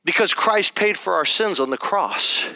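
A man delivers a sermon as a pastor, talking to his congregation plainly and with emphasis. His voice sits high and sounds bright and keen. The sound is close and dry. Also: animated, moderate pace, vocal fry, dry recording. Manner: conversational and emphatic, checking in with "okay?".

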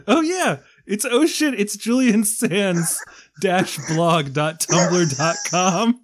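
A man's voice: high voice, lively intonation, slow pace, slight background noise. A man hosting a film podcast in casual chat, joking and laughing often. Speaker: podcast host.

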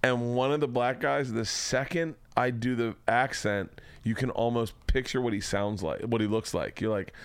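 A man's voice: medium pitch, normal speed, clean tone, no room sound. Man, middle-aged, podcast host, rambling storyteller, swears a lot, dry sound. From Tampa, Florida. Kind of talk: casual chat.

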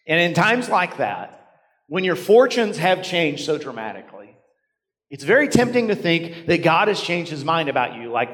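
Pastor preaching in a big echoing hall. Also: male voice, on the high side, sing-song, normal speed, fairly bright tone. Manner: storytelling, dropping to near whisper for emphasis. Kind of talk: sermon. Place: church sanctuary. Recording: long reverb of a large hall.

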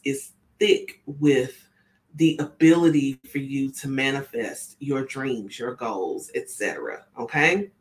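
A woman reading oracle cards in a casual live session, chatty and often checking in with her listeners. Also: low-pitched. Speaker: spiritual oracle card reader. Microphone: camera on tripod with ring light.

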